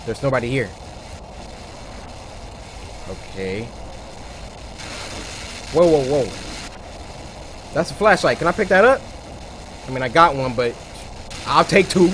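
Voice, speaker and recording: A man's unhurried gameplay commentary, kept low and hushed while he explores. His pitch swings widely, jumping into high panicked shouts at each scare. Steady game noise sits under the voice. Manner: hushed low muttering that breaks into loud panicked yelling. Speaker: gaming YouTuber. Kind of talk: horror game let's play commentary.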